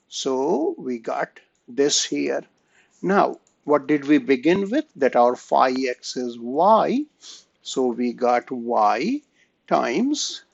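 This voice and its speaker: A man giving an online math lesson at an unhurried pace, his voice gravelly and rising and falling a lot as he checks in with the class. He pauses and restarts often. The recording is dull and dry, with no room sound. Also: medium pitch, dry recording. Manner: slow, halting, frequent "right?" and "okay?" checks. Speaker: math lecturer. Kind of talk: online lecture.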